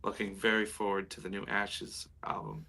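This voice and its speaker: A man with a fairly low but bright, forward voice hosts a casual online show. He reads out comments from viewers and puts questions to his guest over a video call. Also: sing-song, normal speed, vocal fry. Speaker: show host. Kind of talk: casual chat.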